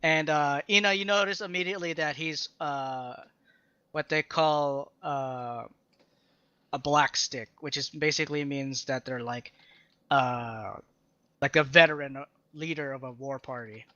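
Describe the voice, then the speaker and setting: A young man running a tabletop game as game master, describing the scene in halting bursts with many fillers. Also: a little high, pushed and bright, no echo. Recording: dull lo-fi dry recording.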